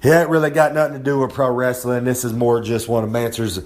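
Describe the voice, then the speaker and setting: A man's voice: medium pitch, flat delivery, fast talker, a little mellow. A man cutting a brash, boastful wrestling promo about himself in the third person, recorded on a phone held close to his face at home, sore and hungover. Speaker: wrestler with a regular podcast segment.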